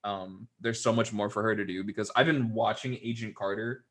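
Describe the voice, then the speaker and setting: Young male co-host, low-pitched, easygoing and rambling, heavy on fillers. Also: fairly even intonation, brisk. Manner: rambling, filler-heavy, laid-back with mocking asides. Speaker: podcast co-host. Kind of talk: casual chat.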